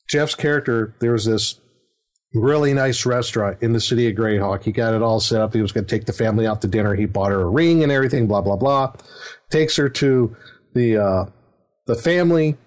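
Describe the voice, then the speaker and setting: A man's voice: medium pitch, normal speed. A middle-aged man, a dungeon master, telling a story in casual chat, rambling with fillers and chuckles. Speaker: dungeon master, podcast host.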